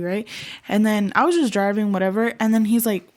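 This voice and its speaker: A woman's voice: mid-range voice, brisk. A young woman co-hosting a podcast, telling stories in a candid, profane, casual way. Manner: candid, profane, animated storytelling. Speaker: podcast co-host. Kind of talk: casual chat.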